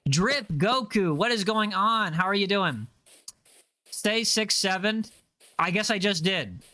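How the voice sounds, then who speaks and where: A young man in his twenties with an American accent, chatting casually with his livestream audience, slangy and full of quick self-corrections. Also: sits high, expressive, bright, forceful tone. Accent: General American. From United States. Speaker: livestreamer reading chat.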